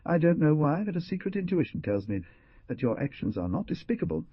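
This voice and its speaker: A man voicing a calm, earnest frontiersman who speaks in a measured, persuasive way. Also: a little high, husky, no room sound, highs cut off, pitched above the performer's own voice.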